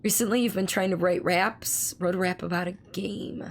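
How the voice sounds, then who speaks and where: A hoarse woman with laryngitis, chatting casually with her stream viewers and reading their messages aloud, speaking slowly to spare her voice. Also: on the low side, fairly even intonation. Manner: reads viewer messages aloud and answers them. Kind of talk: casual live-stream chat.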